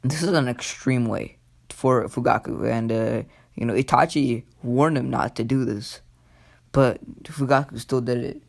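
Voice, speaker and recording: Gravelly man rambling through a fan story. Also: medium pitch. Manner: rambling, halting, full of fillers. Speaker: YouTube storyteller. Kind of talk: casual retelling of an anime what-if story.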